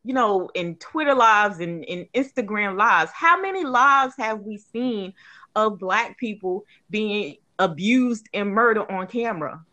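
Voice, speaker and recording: A woman's voice: mid-range voice, animated, measured pace, bright, forceful tone. Emphatic woman firing indignant questions. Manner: frequent restarts and fillers. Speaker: podcast co-host. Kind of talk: casual podcast discussion.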